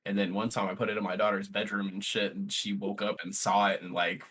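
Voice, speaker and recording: A man's voice: lowish voice, level tone, fast talker, fairly bright tone, slightly rough. A man who is a father, chatting laid-back on a podcast and swearing freely. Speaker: parent. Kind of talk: casual chat.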